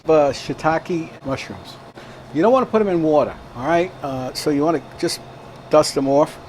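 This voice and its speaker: Casual male home-cook host, slightly raised pitch, rambling friendly demo talk. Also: moderate pace, a little mellow, a little hiss or hum. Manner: chatty, rambling, frequent "all right?" check-ins. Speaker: home cooking show host. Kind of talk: casual cooking demonstration. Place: kitchen at a veterans' hall.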